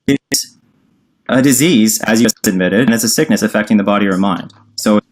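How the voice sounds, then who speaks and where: A man's voice: lowish voice, fairly quick. A man on a livestream call arguing insistently, reading definitions aloud and cutting in. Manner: insistent, reads definitions aloud, talks over the other person. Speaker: livestream debater. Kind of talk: heated livestream argument.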